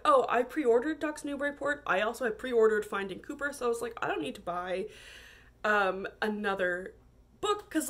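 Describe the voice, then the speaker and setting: A Canadian woman who vlogs about books chats casually about ones she bought, laughing often and using lots of fillers. Her voice is medium-pitched with a fairly bright tone.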